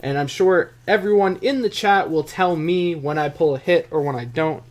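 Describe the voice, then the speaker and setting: A man's voice: a little high, moderate pace. A man hosting a live card-breaking stream in casual, self-mocking chat with a dry throat. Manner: joking, self-mocking, chatty.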